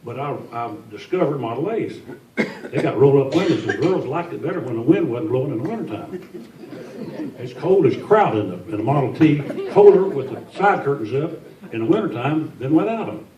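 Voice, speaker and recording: Recorded muffled and from afar in an echoey function hall, an older man from Tennessee tells jokey, folksy after-dinner stories as a guest speaker, poking fun at himself. His mid-range voice is dark in tone, with lively intonation and a moderate pace.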